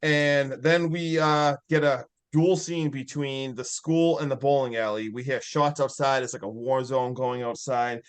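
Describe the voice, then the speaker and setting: A man's voice: medium pitch, fairly even intonation, a little slow, few pauses, smooth. A man casually recapping a film as a podcast co-host, rambling with fillers and frequent laughs.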